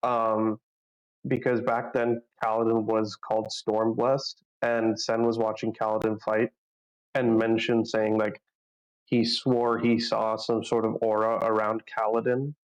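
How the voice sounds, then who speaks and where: A man's voice: lowish voice, monotone, unhurried, clean tone, low-quality recording. A man in a casual book club discussion, thoughtfully and tentatively sharing his theories.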